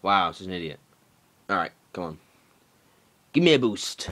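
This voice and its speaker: A young man doing let's play commentary, excitable and swearing, shouting at the game. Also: fairly low pitch, moderate pace, long pauses. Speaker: gaming commentator.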